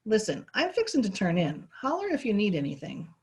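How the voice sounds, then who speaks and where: A woman reading aloud voices a hotheaded bald male construction foreman who hollers and blusters in rough, ungrammatical speech. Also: mid-range voice, wildly swooping pitch, fairly quick, pitched above the performer's own voice, exaggerated voice. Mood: gruff.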